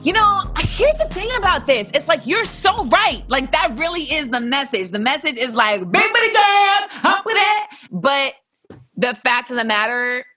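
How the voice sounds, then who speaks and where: A woman's voice: on the high side, pushed and bright, dry recording. A woman hosting a podcast, talking bluntly and animatedly with frequent swearing as she answers listener questions. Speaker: podcast host.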